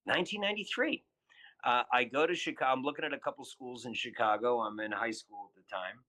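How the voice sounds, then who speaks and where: A man's voice: mid-range voice, fairly quick, sharp tone, low-quality recording. A man in his fifties, a podcast guest and spirits entrepreneur, telling rambling stories with lots of fillers and restarts. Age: 50s. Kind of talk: casual podcast storytelling.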